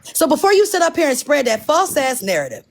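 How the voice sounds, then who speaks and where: Lively, expressive woman telling a story. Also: high voice, fast talker, creaky, slight background noise. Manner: animated, profane storytelling full of quoted dialogue. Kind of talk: casual livestream storytelling.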